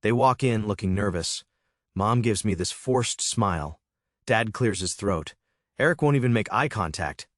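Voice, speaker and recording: A man's voice: lowish voice, expressive, a little slow, dry recording, studio quality. A man narrating a first-person scripted story in a smug, matter-of-fact manner.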